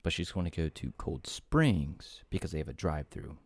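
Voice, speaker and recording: A man's voice: very deep voice, moderate pace, dry recording. A man co-hosting a casual podcast, telling stories animatedly with swearing and mocking asides. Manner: animated storyteller, swears, rises into mocking quotes. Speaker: podcast co-host.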